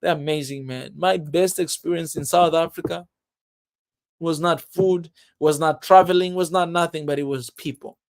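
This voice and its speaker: A man's voice: fairly high pitch, steady tone, moderate pace. A man from Tanzania, talking to his viewers in a casual vlog, emphatic and full of "man" and laughter. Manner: emphatic, keeps saying "man", laughs often. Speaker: vlogger.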